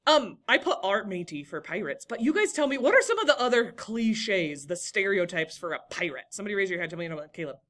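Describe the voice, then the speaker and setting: A woman's voice: medium pitch, very animated, fast talker, hardly any pauses, a bit bright. A young woman teaching a classroom lesson, encouraging and talking to students by name.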